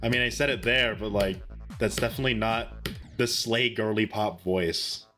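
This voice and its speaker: A man's voice: on the low side, moderate pace, pushed and bright, faint music behind. A young man streaming a game and defensively joking back at his chat. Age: young adult. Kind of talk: casual live-stream chat.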